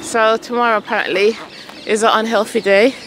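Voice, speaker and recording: A woman's voice: a little high, fairly even intonation, a little fast, background noise. A woman coaching her son at tennis on an outdoor court, calling out shots and chatting casually to her vlog viewers. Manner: calls out shots, chatty and coaxing.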